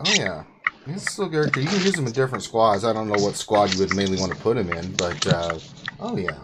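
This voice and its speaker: A man hosting a casual livestream chat, telling stories in an excitable way and laughing often. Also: lowish voice, quick pace, very noisy. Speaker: host.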